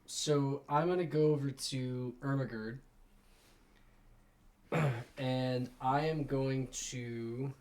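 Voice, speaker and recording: A man's voice: medium pitch, steady tone, slow pace, pauses often, darkish tone. Eager man playing a tabletop game. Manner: eager, chatty, clears throat. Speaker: player. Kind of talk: casual tabletop gaming chat.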